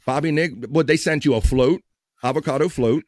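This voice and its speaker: A man's voice: on the high side, fairly even intonation, brisk, darkish tone, no room sound, clean studio sound. A man hosting a casual live stream, chatting and joking as he reads out viewers' messages. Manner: chatty, reads chat messages aloud, jokey.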